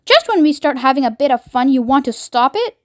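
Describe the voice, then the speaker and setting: A cranky old woman shouting and scolding, as a woman reads her. She sounds high and loud, in a dry room. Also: sing-song, a little fast, no echo.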